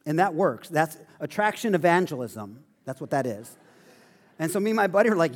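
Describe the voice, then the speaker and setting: Animated high-voiced male preacher. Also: brisk. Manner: animated storytelling with self-deprecating humor. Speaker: pastor. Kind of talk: sermon.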